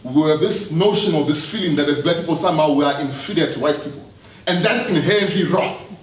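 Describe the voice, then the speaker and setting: A man's voice: fairly high pitch, brisk. A man giving an earnest live talk to an audience, often repeating himself and putting questions to the room. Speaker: speaker addressing an audience. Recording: roomy hall, distant mic, faint noise.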